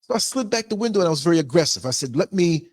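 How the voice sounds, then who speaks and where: A man's voice: a little high, very animated, very fast. An older man from the United States, hosting a livestream and telling a story in a blunt, emphatic way. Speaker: podcaster host.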